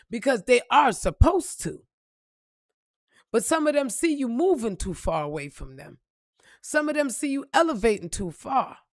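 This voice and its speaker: A woman's voice: a little high, no room sound, studio quality. A woman giving a blunt, emphatic motivational monologue and swearing freely, calling the listener "baby". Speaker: spiritual reader.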